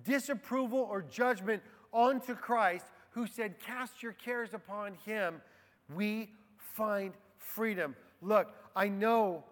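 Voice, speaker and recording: Slow-preaching man in a reverberant hall. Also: high-pitched. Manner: slow and deliberate, dropping soft on key phrases. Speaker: pastor. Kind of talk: sermon. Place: church.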